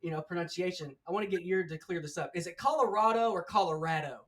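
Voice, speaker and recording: A man hosting a relaxed sports show, his voice a touch high. He talks loosely and with enthusiasm, full of "uh" and "you know". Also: quick pace. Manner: enthusiastic, loose, many fillers. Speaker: host. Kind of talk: casual sports interview.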